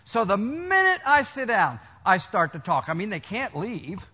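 Older American male preacher, emphatic storytelling sermon delivery, sharp tone. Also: high voice, huge pitch swings, measured pace, a little hiss or hum. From United States. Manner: emphatic, storytelling, addresses congregation directly. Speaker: preacher, college chancellor. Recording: dull lo-fi sermon recording.

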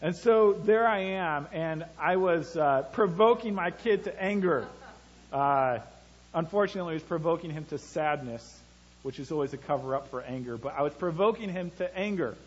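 A husky, slightly high-voiced man preaching to his congregation. He talks in a relaxed way, weaving stories about his own kids into the sermon. The recording sounds dull and lo-fi. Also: moderate pace. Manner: conversational preaching with personal family stories. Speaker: pastor.

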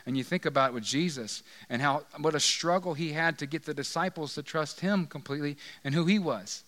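A man's voice: fairly high pitch, a bit bright, big-room sound. A man preaching a sermon in a conversational way, often asking the listeners rhetorical questions. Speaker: pastor.

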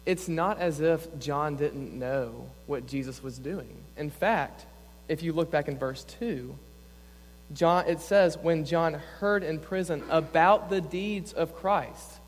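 A man's voice: on the high side, takes it slowly. A young adult man, a campus pastor, preaching a sermon in an earnest, conversational way, often saying "like". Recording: long reverb in a church hall.

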